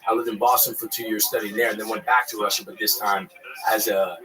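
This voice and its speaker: A man who is a guest actor, talking casually in a quick, rambling way, repeating words and swearing. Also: on the low side, little pitch movement, a crowd in the background, poor audio. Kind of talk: casual chat.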